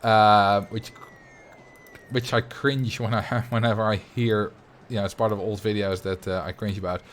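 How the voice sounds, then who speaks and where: Animated Dutch-accented man streaming. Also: lowish voice, moderate pace, a little hiss or hum. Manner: animated, chatty, with fillers. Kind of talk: casual livestream chat.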